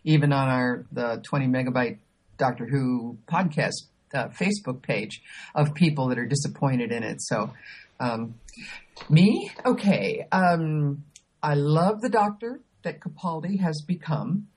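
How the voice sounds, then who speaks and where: A woman co-hosting a podcast in casual chat, talking with many pauses, ums and restarts. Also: rumbling low, lively intonation, a little mellow, husky. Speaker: podcast co-host.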